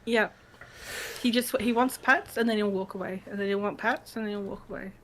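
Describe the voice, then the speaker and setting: A woman, a guest on a casual live stream, chatty and quick to laugh, with lots of trailing fillers. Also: medium pitch, fairly even intonation, fairly bright tone, slight background noise, low-quality recording.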